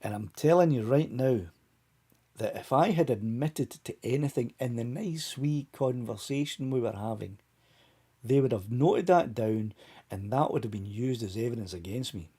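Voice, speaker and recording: Man, live stream host, relaxed chatty delivery to his viewers, mellow husky tone. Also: mid-range voice, normal speed. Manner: chatty, talks straight to viewers by name. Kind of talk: casual live stream chat.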